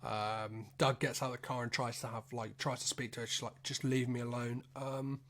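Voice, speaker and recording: A man's voice: mid-range voice, steady tone, fairly quick, pushed and bright. A man hosting a solo podcast, recapping a film in a loose, rambling way, swearing freely and making self-deprecating asides. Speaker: podcast host.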